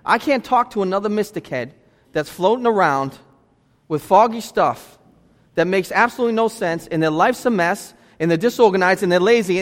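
A man preaching a lively, conversational sermon as pastor, firing rhetorical questions at the congregation in a church. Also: sits high. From United States. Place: church sanctuary. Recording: church hall with long reverb.

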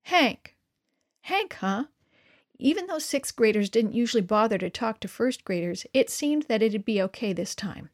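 A woman narrating a first-person children's story with an expressive, wry delivery. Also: on the high side, fairly quick, hardly any pauses.

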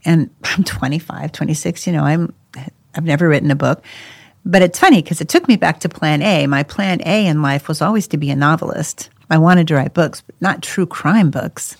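A woman tells her own story in a relaxed podcast conversation, animated and quick to laugh. Her voice has a slightly gravelly edge. The sound is dry and close, with no room around it. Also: low voice, dry recording. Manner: animated, laughs often, acts out quoted voices. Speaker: co-host sharing her life story.

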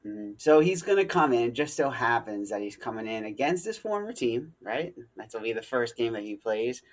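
A man's voice: mid-range voice, very animated, normal speed. A man hosting a casual sports podcast, teasing his co-hosts and laughing often. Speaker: podcast host.

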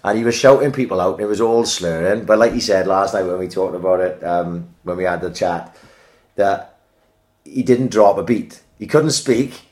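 Podcast co-host: lower-pitched, sweary, joking. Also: male voice, moderate pace, a little mellow. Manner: sweary, laughing banter. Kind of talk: casual chat.

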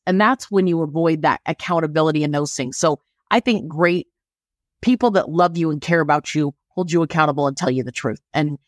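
A woman who leads a mortgage branch, speaking emphatically in a podcast discussion and firing off rapid questions. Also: lowish voice, dry recording, studio quality.

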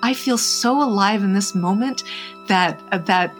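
A married woman guest in an interview, speaking earnestly and reflectively, often pausing and restarting with fillers. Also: medium pitch, soft background music. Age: adult, married. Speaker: podcast guest.

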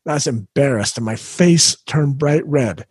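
A man's voice: mid-range voice, expressive, moderate pace, a little mellow, breathy edge, dry recording. A middle-aged man hosting a solo parenting podcast, talking earnestly and reflectively as he coaches the listener.

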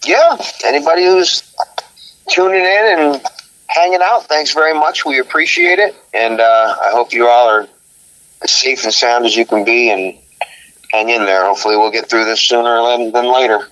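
A man guest in a casual interview, telling road stories in an animated way, acting out quotes and laughing often. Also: medium pitch, moderate pace, rough recording.

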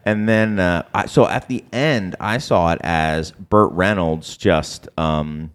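Deep-voiced man in casual podcast chat. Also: takes it slowly, clean tone. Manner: rambling, laughs often, recaps scenes with quoted lines. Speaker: podcast host.

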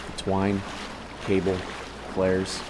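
A man's voice: low-pitched, completely flat delivery, takes it slowly, noisy background. A man voicing a timid male professor who gets anxious, his voice climbing when he is alarmed. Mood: worried. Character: jittery male professor, timid vegetarian scientist.

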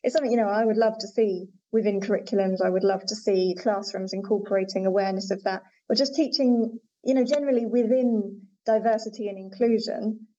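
A woman's voice: mid-range voice, fairly even intonation, fairly quick, few pauses, mellow. A woman linguistics researcher answering interview questions thoughtfully, with frequent fillers and hedges. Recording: dull lo-fi audio with faint noise.

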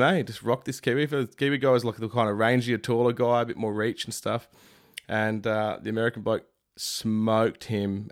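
A man giving a comedic, rambling recap of fight night, full of joking asides and cheeky slang. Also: lowish voice. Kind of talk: comedic sports recap monologue.

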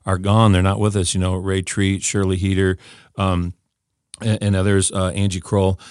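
A man's voice: low-pitched, level tone, normal speed, a little mellow, clear, resonant tone, no room sound, clean studio sound. An older man giving an informal scripture teaching talk, eager and often restarting with repeated words as he explains. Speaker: Bible teacher.

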